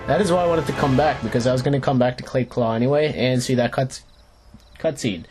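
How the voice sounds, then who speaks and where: Game music plays as a young man with a medium-pitched voice hosts a let's play at a quick pace. He rambles through playful, joking commentary, often restarting sentences and speaking to the on-screen characters.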